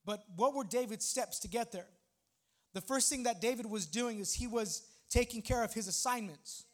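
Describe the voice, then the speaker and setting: Male pastor in his thirties, very high voice, chatty sermon with jokes and bursts of emphasis. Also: moderate pace. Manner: conversational, humorous preaching with rising emphatic outbursts.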